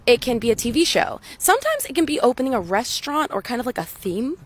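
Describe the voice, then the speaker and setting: A woman's voice: fairly high pitch, sing-song, fast. A woman from the Valley with a mild Valley girl accent, ranting bluntly and casually in commentary full of "like" and swearing. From San Fernando Valley, California. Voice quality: frequent "like" fillers, blunt and profane. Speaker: commentator reacting to a film scene.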